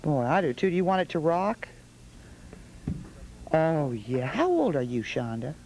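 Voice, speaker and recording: A woman's voice: deep voice, very animated, unhurried, darkish tone, a little hiss or hum, poor audio. A woman hosting a holiday television show in a studio, coaxing small children with sing-song questions. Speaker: television host.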